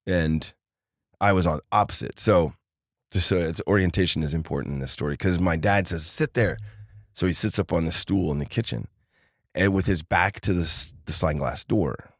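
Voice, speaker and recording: A man with a very low, deep voice tells a long personal story in a relaxed chatty way. He acts out the people in his story, and his voice jumps up when he quotes them. The sound is dry and close, with no room echo. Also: a little fast. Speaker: podcast guest. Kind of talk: casual storytelling.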